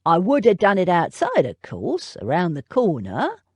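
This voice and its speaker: A woman voicing a blunt young male footman who is gruff and scornful, in an audiobook. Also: fairly low pitch, wildly swooping pitch, moderate pace, dry recording, clean studio sound, exaggerated voice. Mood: aggrieved.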